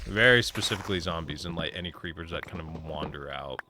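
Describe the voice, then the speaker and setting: Low-voiced male streamer, noisy mic. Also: fast. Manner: rambling, chatty, talks to chat. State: slightly sore voice. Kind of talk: casual live-stream chat while gaming.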